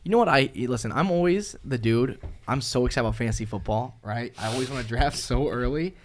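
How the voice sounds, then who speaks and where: A young man hosts a laid-back sports podcast and tells his stories with plenty of energy. His pitch sits in an average middle range, and "bro" and "dude" come up constantly. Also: brisk. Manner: animated storytelling, says "bro" and "dude" a lot. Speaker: podcast host. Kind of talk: casual sports chat.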